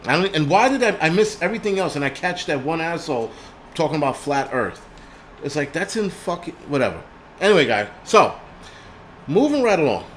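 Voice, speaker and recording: A man's voice: mid-range voice, fairly bright tone, a little hiss or hum. Furious profane man ranting on a livestream. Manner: angry, profane, with frequent restarts and stammering. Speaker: host. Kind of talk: livestream rant.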